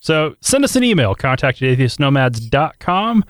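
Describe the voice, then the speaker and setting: A man's voice: medium pitch, big pitch swings, normal speed, dry recording. A man hosting a podcast in casual chat, joking and talking with frequent fillers into a studio mic. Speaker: podcast host.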